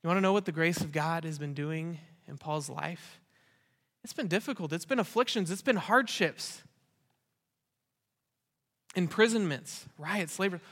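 A man's voice: on the high side, a bit bright. A man preaching a sermon as pastor, in an earnest, conversational way with rhetorical questions. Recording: long reverb of a large hall.

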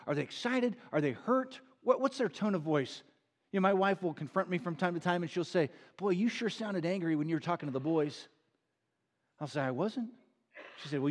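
A middle-aged man preaching a sermon, earnest and emphatic, repeating key phrases and drawing them out slowly. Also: sits high. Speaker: pastor.

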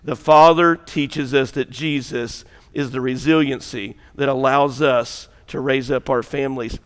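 A male pastor preaching an impassioned sermon, rising loud and dropping to a hush. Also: mid-range voice, steady tone, measured pace, in a large hall. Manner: impassioned, swings between loud and hushed.

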